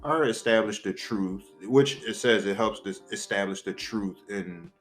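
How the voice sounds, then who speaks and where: A man's voice: lowish voice, a little slow, faint music behind. A young man co-hosting a podcast, talking bluntly and sarcastically with plenty of swearing in a candid casual chat. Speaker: podcast co-host.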